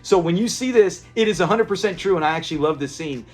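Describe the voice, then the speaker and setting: A man's voice: high-pitched, expressive, quick pace, soft background music. A man hosting a casual episode breakdown, retelling scenes in a chatty, rambling way with frequent restarts. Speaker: episode review host.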